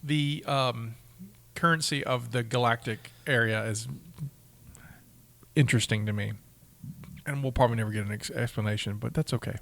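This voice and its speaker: A man's voice: mid-range voice, fairly even intonation, moderate pace, creaky, long pauses, a bit bright. A man co-hosting a podcast, reading out trivia with eager stumbles and laughs in casual chat. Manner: enthusiastic, reads facts aloud with stumbles and laughs. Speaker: podcast co-host.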